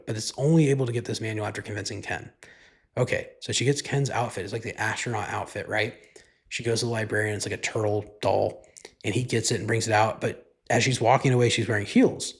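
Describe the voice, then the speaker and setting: A man's voice: on the low side, creaky, husky. A man hosting a podcast, talking in a casual, rambling and profane way, with "like" in nearly every sentence. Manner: rambling, profane, heavy use of "like". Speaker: podcast host. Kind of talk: casual solo podcast monologue.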